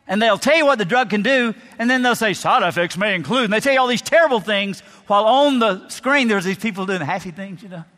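Male preacher, sermon, animated storytelling, bright forceful voice, long hall reverb. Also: high voice, fast talker, few pauses. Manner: animated storytelling, mock commercial voice.

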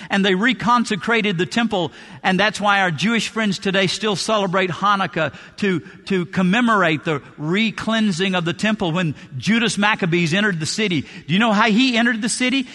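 A pastor preaching a sermon, driving points home with emphatic repetition. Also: male voice, high-pitched, pushed and bright, in a large hall. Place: church sanctuary.

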